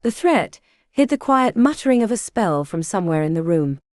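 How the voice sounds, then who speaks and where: A woman narrating a fantasy audiobook in an expressive storytelling style. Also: mid-range voice, moderate pace, no echo, studio quality.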